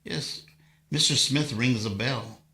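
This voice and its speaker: Between songs, a livestream host and guitarist chats casually with viewers, rambling and cracking corny jokes. His mid-range voice is slow and sharp-toned, and the room echoes with faint guitar in the background.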